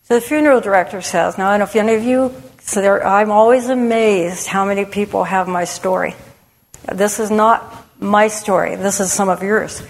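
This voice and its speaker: A middle-aged woman with a mid-range voice and normal pace shares a frank personal testimony with a church audience as a women's ministry speaker. She talks conversationally, often restarting her sentences and saying "you know." Long hall reverb surrounds the recording.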